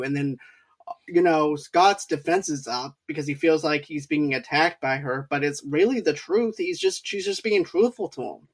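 A man's voice: on the high side, moderate pace. A man co-hosting a movie review podcast, retelling scenes at length with chuckles. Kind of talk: casual chat.

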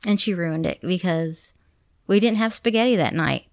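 Woman, 30s, podcast host, animated storyteller, laughs a lot, smooth clear voice, dry close sound. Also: on the low side, moderate pace, no room sound. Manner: animated storyteller, laughs often, acts out her kids' voices. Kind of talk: casual chat.

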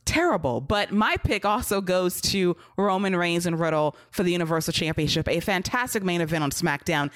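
A woman co-hosting a casual wrestling podcast, animated and teasing, talking in an exclamatory way. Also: on the low side, a little fast, hardly any pauses, no echo, studio quality. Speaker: podcast co-host.

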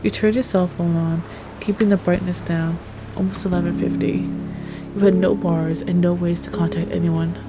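Woman narrator, slightly low voice, tense measured second-person storytelling over music. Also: level tone, poor audio.

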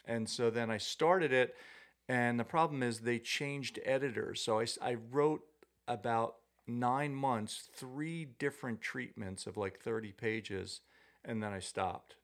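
Gravelly middle-aged man telling stories. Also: medium pitch, unhurried. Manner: rambling anecdotal, self-deprecating. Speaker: podcast guest, former tennis coach. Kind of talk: casual storytelling chat.

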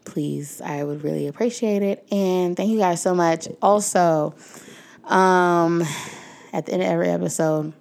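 A young woman wraps up her own podcast with a casual, heartfelt outro, speaking emotionally and warmly to listeners she calls "y'all," with lots of fillers and frequent thanks. Her voice is lowish and gravelly, at a measured pace.

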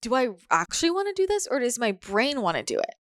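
A woman's voice: a little high, wildly swooping pitch, quick pace, no echo, clean studio sound. A woman talking candidly in a casual podcast chat, swearing now and then and acting out her own inner voices. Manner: candid, swears, acts out quotes.

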